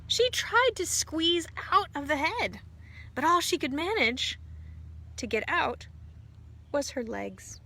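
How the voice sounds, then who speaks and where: A woman pastor reading a storybook aloud to children, with gentle asides to a child. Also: high-pitched, lively intonation, slow pace, long pauses.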